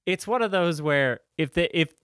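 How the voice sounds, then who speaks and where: A man's voice: fairly high pitch, lively intonation, moderate pace, fairly bright tone, smooth, no room sound, studio quality. A man co-hosting a podcast, talking casually with crude, sarcastic jokes and laughing at his own lines. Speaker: podcast co-host.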